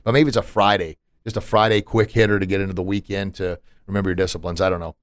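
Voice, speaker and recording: A man's voice: low-pitched, little pitch movement, fast, no echo, clean studio sound. A man hosting a podcast in casual chat, emphatic and motivational, with punchy asides. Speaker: podcast host.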